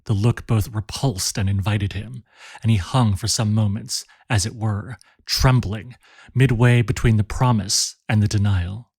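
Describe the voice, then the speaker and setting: Steady man narrating a story. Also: on the low side, measured pace, husky, dry recording, clean studio sound. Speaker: reader. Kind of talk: audiobook narration.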